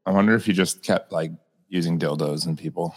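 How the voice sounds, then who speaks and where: A man's voice: deep voice, a little fast. A man from Canada co-hosting a podcast, making dry, crude jokes. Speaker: podcast co-host. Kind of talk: casual chat. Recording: roomy reverb.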